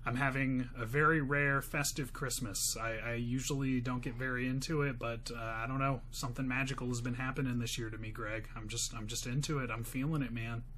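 A man's voice: mid-range voice, fairly even intonation, a little fast, few pauses, bright, forceful tone, slight background noise. A man co-hosting a podcast in casual chat, playful, teasing and wry. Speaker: podcast co-host.

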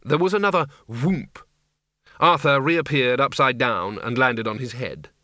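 A man narrating a comic fantasy audiobook in a wry, measured way. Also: mid-range voice, noisy background.

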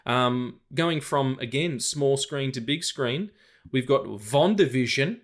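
A man's voice: medium pitch, takes it slowly, fairly bright tone. A man, co-hosting a casual film podcast, rambling with lots of fillers and restarts. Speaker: podcast co-host.

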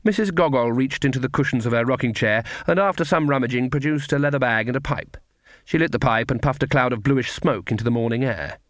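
A man narrating an audiobook in a measured, wry storytelling manner. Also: medium pitch, dry recording, clean studio sound. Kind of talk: scripted narration.

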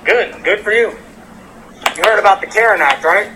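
A man confronts someone outdoors on a residential street, angry, profane and relentless, filming the exchange on his phone. His voice sits very high for a man and has a sharp, piercing edge. A faint hum of street noise runs behind him. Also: normal speed, poor audio. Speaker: delivery worker.

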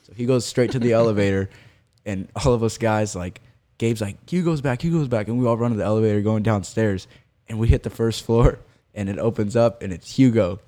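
A man's voice: lowish voice, fairly even intonation, a little fast, dark tone. A man on a podcast telling a team story, laughing often as he goes. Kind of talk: casual storytelling chat.

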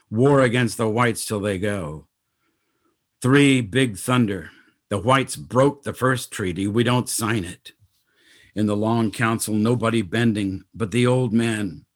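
A man narrating a spoken-word story in terse, poetic fragments. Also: fairly low pitch.

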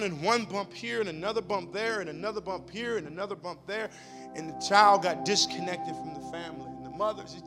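A man's voice: high-pitched, brisk. A man preaching a sermon as pastor, with rhythmic, repetitive phrasing that builds in emphasis. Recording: long hall reverb with music behind.

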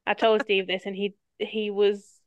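A woman's voice: medium pitch, level tone, a little slow, no room sound. Chatty woman host with a dry, dull sound. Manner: chatty storyteller, swears casually. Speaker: podcast host. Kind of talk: casual podcast chat.

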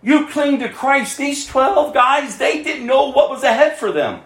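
Speaking a little slowly and expressively, a high-voiced male pastor preaches with passion. His lines rise to loud emphasis and drop to hushed asides, and the recording carries a roomy echo.

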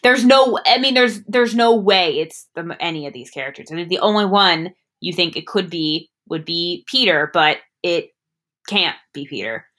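A woman co-hosting a casual movie discussion, animated and jumping up in pitch when she acts out scenes. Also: moderate pace. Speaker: podcast co-host.

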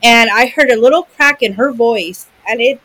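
A woman in her forties co-hosts a podcast, telling an emotional personal story in casual chat full of fillers and restarts. Her fairly high voice moves at normal speed and sounds pushed and bright on a rough recording.

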